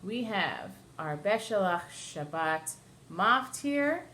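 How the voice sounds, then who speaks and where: Her medium-pitched voice is sing-song, slow, bright and forceful, with slight background noise behind it. She's a cantor leading a Torah chanting class, explaining patiently and breaking into short sung examples.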